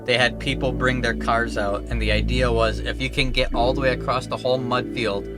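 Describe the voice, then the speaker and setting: Young male streamer from Minnesota, loose and profane, mid-range voice over loud background music. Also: medium pitch, level tone, brisk. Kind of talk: casual chat while gaming.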